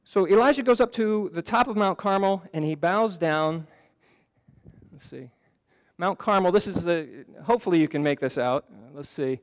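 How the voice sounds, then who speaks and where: A pastor with a fairly high voice delivers an earnest sermon to his congregation at a normal speed. His style is conversational, and he frequently restarts phrases, with the long reverb of the church sanctuary ringing around him.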